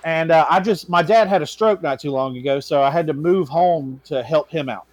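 A young man, a podcast co-host telling a profane, self-mocking story in a casual, animated way. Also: a little high, normal speed, no echo.

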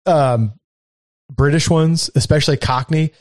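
A man's voice: on the high side, unhurried, a little mellow, dry recording, studio quality. A man with a Southern US accent, talking enthusiastically in a casual podcast chat and swearing a lot. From southern United States. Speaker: podcast co-host.

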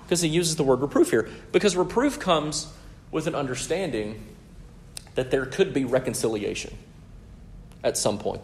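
A man's voice: mid-range voice, a little hiss or hum. A man preaching a sermon in an earnest, teaching way, often checking in with his listeners. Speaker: pastor.

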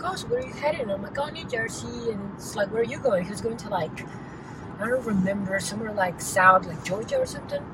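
A woman tells a story from the driver's seat, rambling and chatty, leaning on filler words and starting over. Her voice sits at an ordinary middle pitch. The mic is held back from her, and a clear hum of car and street noise runs underneath. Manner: chatty, rambling, heavy use of "like" and restarts. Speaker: host telling a personal story. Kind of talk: casual storytelling monologue. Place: inside a car. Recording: distant mic with noisy car background.

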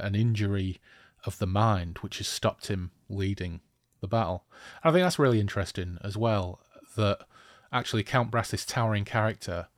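A man's voice: on the low side, no echo, studio quality. A man hosting a casual podcast discussion of a fantasy novel, who talks enthusiastically and thinks aloud.

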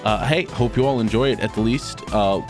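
A man's voice: on the low side, a little fast, music in the background. A man hosting a casual podcast chat, upbeat, laughing often and tripping over his words. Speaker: podcast host.

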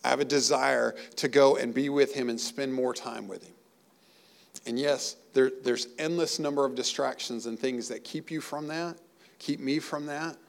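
Gravelly earnest male preacher. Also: mid-range voice, steady tone, normal speed. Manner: earnest, emotional preaching with rising emphasis. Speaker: pastor. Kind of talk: sermon.

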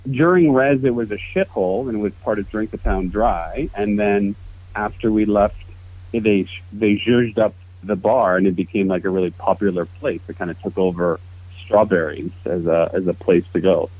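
A man in his fifties telling a profane, animated story to old friends over a call. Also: lowish voice, moderate pace, dry recording. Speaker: podcast guest. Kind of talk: casual storytelling. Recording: tinny phone-like call audio.

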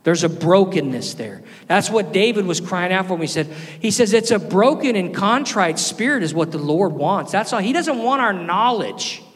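A man preaching a sermon, earnest, rising to loud emphasis and dropping to soft, quiet lines. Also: high-pitched, animated, normal speed, hardly any pauses. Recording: long hall reverb with faint music.

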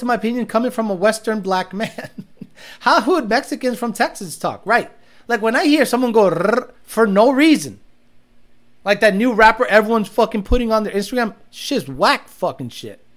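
A livestream host in casual chat, reading out viewer comments and telling stories with lots of laughter and swearing. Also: mid-range voice. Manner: animated storytelling, frequent laughter, profane.

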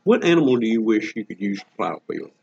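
Husky man telling jokey stories. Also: on the low side, sing-song, fast, a little mellow. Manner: rambling, jokey storytelling with Southern slang. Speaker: co-host. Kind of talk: casual comedic chat. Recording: dull lo-fi recording.

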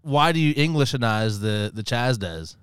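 A man of middle pitch whose voice swings widely as he chats on a podcast. He laughs easily and drops curses. The sound is dry, with no room in it. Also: expressive, normal speed, a bit bright, smooth, no echo. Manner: laughing, swears, describes things. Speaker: podcast co-host. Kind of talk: casual podcast banter.

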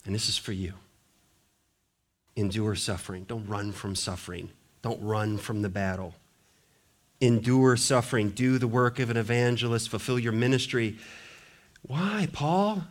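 A male pastor preaching an earnest sermon, swinging between emphatic lines and quiet ones. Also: lowish voice, steady tone, normal speed.

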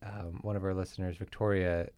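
A male podcast host who keeps the talk moving with friendly, curious questions. His voice sits a little low. It is recorded dry, close to the mic. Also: flat delivery, a little fast, a little mellow, dry recording. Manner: curious, asks lots of questions. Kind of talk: casual interview chat.

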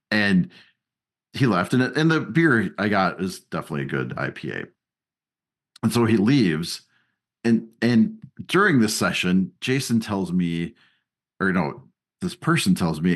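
A man co-hosting a podcast in casual chat, telling a story with animated, rising emphasis. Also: deep voice, moderate pace. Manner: animated storyteller, voice jumps up when worked up. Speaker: podcast co-host.

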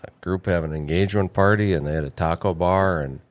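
A man's voice: sits low, brisk. A man who is a guest on a radio show, chatting in a laid-back, plain-spoken way. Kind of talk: casual radio chat. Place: radio studio.

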